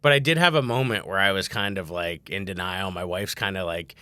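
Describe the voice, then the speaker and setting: Man, comedian host, casual podcast chat, lowish pitch, bright tense tone, dry close sound, acts out quotes. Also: a little fast, no room sound. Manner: chatty storyteller, acts out family members in quotes.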